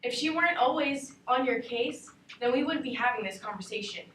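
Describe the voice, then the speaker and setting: Young woman doing a distraught teen girl, pleading and accusing, high bright voice, roomy classroom from far off. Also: animated, fairly quick, slight background noise. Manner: pleading and accusing, rising to shouting. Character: distraught teenage girl whose parents are divorcing. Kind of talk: acted dramatic monologue.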